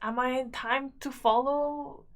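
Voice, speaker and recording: A woman player at a tabletop game, asking slow, hesitant questions. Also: sits high, fairly even intonation. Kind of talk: casual tabletop play.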